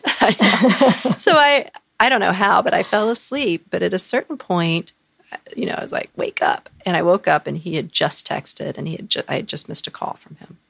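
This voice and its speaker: A woman co-hosting a podcast, recounting a personal story with lots of fillers. Her voice sits low with a gravelly fry. She acts out the voices of others as she talks. The sound is close and dry. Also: moderate pace, dry recording. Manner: animated, acts out quoted voices, frequent fillers. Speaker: podcast co-host.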